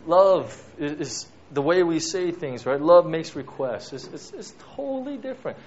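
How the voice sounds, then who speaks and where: A man's voice: a little high, expressive, normal speed, darkish tone, slight background noise. Conversational male preacher, lo-fi sound. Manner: peppers talk with "right?" and "you know". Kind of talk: conversational sermon. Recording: dull lo-fi recording.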